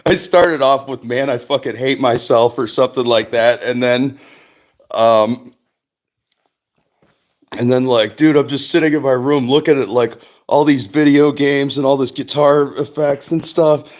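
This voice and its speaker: A man's voice: medium pitch, measured pace, darkish tone. A middle-aged man hosting a stream, rambling through a casual chat with lots of swearing and frequent laughs. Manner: rambling, profane, laughs often. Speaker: streamer host.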